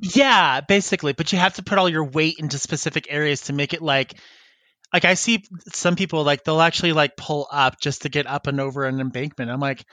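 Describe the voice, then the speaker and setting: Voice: medium pitch, fairly even intonation, a little fast, pushed and bright, dry recording. A podcast co-host chatting casually, rambling and giggling with many fillers. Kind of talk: casual chat.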